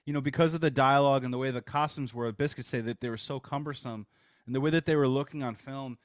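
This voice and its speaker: A podcast host casually recaps behind-the-scenes trivia in a storytelling way, then hands questions off to his guests in this casual chat. His mid-range voice is steady and fast, with clean studio sound and no room sound.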